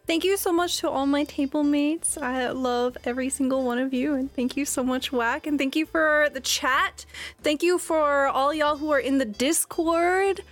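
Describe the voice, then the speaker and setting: A woman who plays in a tabletop game show, giving heartfelt, gushing thanks and fighting back tears. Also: high voice. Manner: warm, gushing, close to tears. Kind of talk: casual farewell chat.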